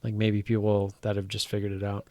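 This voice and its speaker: A man's voice: lowish voice, monotone, fairly quick, a little mellow, no room sound. A man hosting a casual stock trading live stream, rambling with frequent fillers and restarts.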